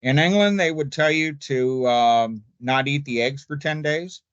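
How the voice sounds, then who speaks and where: A man's voice: on the high side, a little slow, clean tone, no room sound, dull audio. An older man, a poultry expert, talking casually and folksily in a seminar, with an easygoing, jokey manner. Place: remote virtual seminar.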